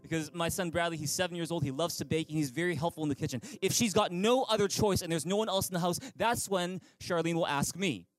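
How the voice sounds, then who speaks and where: High-voiced upbeat male pastor. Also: quick pace, hardly any pauses, dry recording, poor audio. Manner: upbeat, inviting, leads the congregation in call-and-response. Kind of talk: sermon. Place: church service streamed online.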